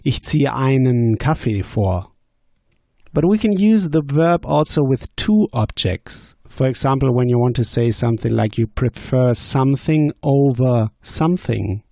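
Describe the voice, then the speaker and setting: A man teaching German grammar on a podcast, slowly explaining and asking quiz questions. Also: mid-range voice, lively intonation, creaky, warm tone, dry recording, clean studio sound. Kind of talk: podcast language lesson.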